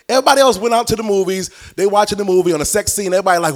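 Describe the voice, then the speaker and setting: Male preacher, animated sermon, sing-song cadence, acts out dialogue, fairly high voice. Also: very fast, hardly any pauses.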